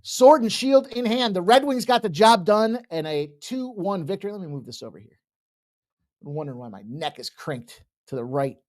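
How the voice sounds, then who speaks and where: A man hosting a sports betting show from his home office, talking casually and excitedly, with sudden loud bursts and quieter asides. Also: sits high, moderate pace. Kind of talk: casual solo show talk.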